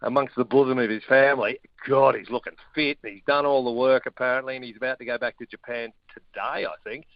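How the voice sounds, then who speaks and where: A middle-aged man, a former rugby player talking sport as a radio guest in a blunt, chatty, excitable way. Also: mid-range voice, fast talker, hardly any pauses, dry recording, dull audio. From Australia. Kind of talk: casual sports chat.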